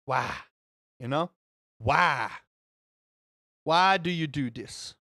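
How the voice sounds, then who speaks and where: A young man streaming and chatting casually with his viewers, rambling and animated with exaggerated exclamations. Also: high voice, unhurried, no room sound, clean studio sound. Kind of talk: casual chat with live chat.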